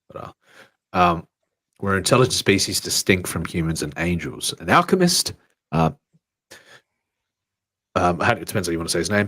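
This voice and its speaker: A man's voice: low voice, fairly bright tone, breathy edge. A man co-hosting a podcast, rambling and thinking aloud in casual chat, swearing now and then. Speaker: podcast co-host.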